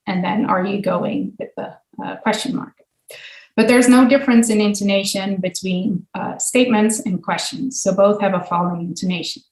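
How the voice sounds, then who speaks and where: Woman lecturing in an echoey room. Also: medium pitch. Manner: patient explaining, frequent ums and uhs. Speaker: linguistics professor giving a guest talk. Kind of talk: academic lecture with slides.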